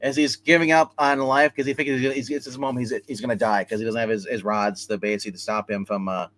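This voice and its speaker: A man hosting a live comic book review stream, retelling a story in a casual, animated way and acting out the characters' lines. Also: mid-range voice, quick pace, slight background noise.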